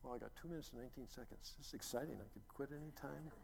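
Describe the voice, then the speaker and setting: Middle aged pastor telling a story in a sermon, gets loud n punchy, big echoey hall with faint background noise. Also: male voice, mid-range voice, rapid-fire, vocal fry. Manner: storytelling, acts out quotes, rises to loud emphatic peaks. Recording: long reverb, faint ambient noise.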